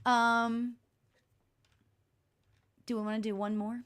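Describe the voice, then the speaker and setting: Woman, spiritual medium, live-stream reading, soft reassuring delivery, lots of ums. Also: fairly high pitch, level tone, slow pace, clear, resonant tone. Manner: gentle, reassuring, many fillers.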